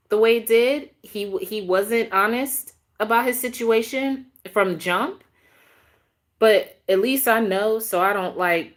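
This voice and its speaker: A woman in her thirties telling a dating story on a casual live stream, animated and emphatic, repeating phrases for effect. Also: medium pitch.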